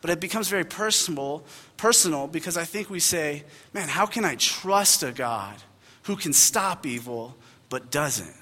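A young adult man, a pastor, giving a sermon with animated storytelling and self-deprecating asides, in a large church hall. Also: a little high, moderate pace. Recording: hall reverb.

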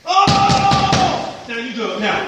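A man preaching a sermon as pastor, moving from quiet storytelling to loud shouted exclamations. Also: high voice, lively intonation, normal speed, heavy background noise. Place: church sanctuary. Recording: echoey church room.

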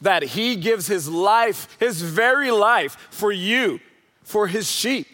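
A man delivers an earnest, emphatic sermon, leaning on repeated phrases. His voice sits high and bright. The sound carries the long reverb of a church hall. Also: animated, slow pace. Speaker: pastor.

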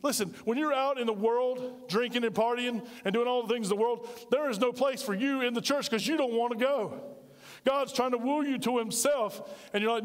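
Guy pastor preaching hard, high voice, lots of questions, echo like a big church. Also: brisk. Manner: emphatic preaching with rhetorical questions. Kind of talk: sermon.

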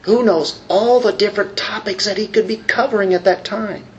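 In a poor-quality recording with slight hiss or hum, a man delivers a sermon in a chatty style. His pitch is high and his tone steady; he draws out important words, trails off into side remarks, and often restarts or fills pauses.

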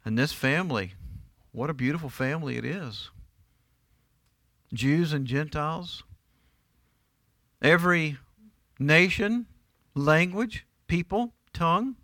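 Middle-aged male pastor, bright and slightly high voice, emphatic sermon delivery, dry sound. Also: takes it slowly, pauses often, no echo. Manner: emphatic, asks the congregation rhetorical questions. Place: church.

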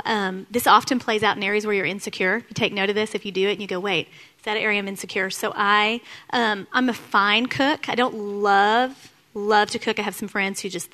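A middle-aged woman speaks to an audience at a mid-range pitch. She talks conversationally, lays out an idea, and then illustrates it with a story from her own home. The delivery is plain and friendly. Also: a bit bright. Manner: conversational, explains a concept and then gives a personal example. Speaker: marriage speaker. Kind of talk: explanatory talk to a live audience.

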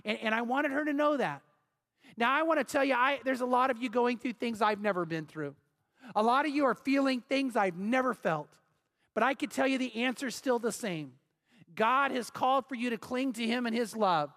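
A man's voice: very high voice, normal speed, a bit bright. A middle-aged male pastor preaching a sermon in an earnest, emphatic way, building with repeated phrases.

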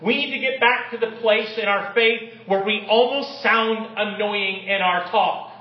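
A man's voice: sits high, measured pace, roomy sound, lo-fi sound. A man preaching a sermon with energy, reading stories aloud and building to emphatic peaks. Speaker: pastor.

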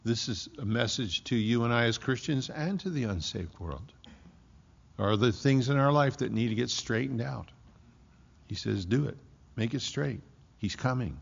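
An older man preaching a sermon, reading scripture slowly and building emphasis as he speaks. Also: medium pitch, creaky, husky, highs cut off. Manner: preaching with rising emphasis and slow drawn-out scripture quotes. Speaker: pastor.

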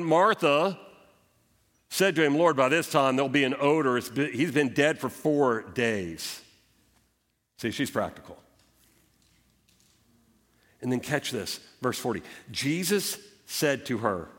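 A male pastor preaching a sermon, retelling scripture with animated storytelling and emphatic rises and drops. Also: mid-range voice, a little slow, in a large hall. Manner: animated storytelling preaching, voicing Bible characters.

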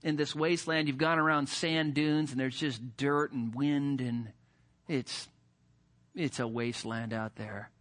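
A male preacher giving a sermon with animated emphasis and rhetorical questions. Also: mid-range voice, a little slow.

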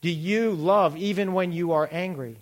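A middle-aged man delivers a sermon in a somewhat high voice. He puts pointed questions to the listeners and weaves in stories from his own life. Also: normal speed. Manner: asks the listeners direct questions, tells personal stories. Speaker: pastor.

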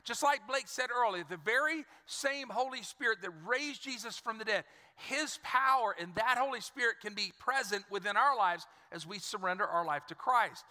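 Male pastor, high-pitched and sharp-edged, chatty storytelling sermon, long hall echo. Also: normal speed, few pauses. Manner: conversational storytelling with humor and repeated words. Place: church.

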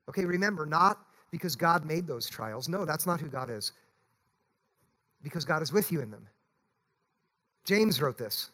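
A man's voice: fairly high pitch, lively intonation, normal speed, pushed and bright. A male pastor preaching a sermon in a church, earnest and pleading, often urging his listeners to listen.

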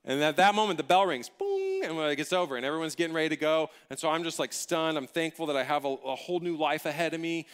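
Man, pastor, sermon storytelling, humorous, animated, smooth clear voice. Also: a little high, quick pace, hardly any pauses.

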